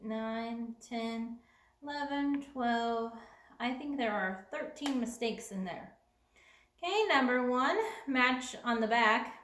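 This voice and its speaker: A woman's voice: on the high side, echoey room. Patient woman teaching young children. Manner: clear, patient, repeating each sentence slowly for young children. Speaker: second grade teacher. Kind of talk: remote classroom lesson.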